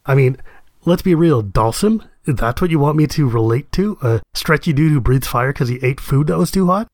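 A young American man in casual chat, animated and laughing often, his pitch leaping up when he gets excited. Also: dry recording, studio quality. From United States.

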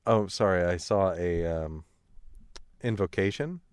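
A man co-hosting a podcast in casual chat, animated and quick to laugh. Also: low voice, smooth, dry recording. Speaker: podcast co-host. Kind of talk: casual chat about card and video games.

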